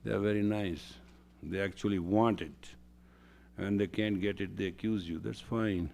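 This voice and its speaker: A man's voice: lowish voice, fairly even intonation, moderate pace, vocal fry, a little mellow. A man lecturing as a spiritual teacher, emphatic and repeating phrases for stress.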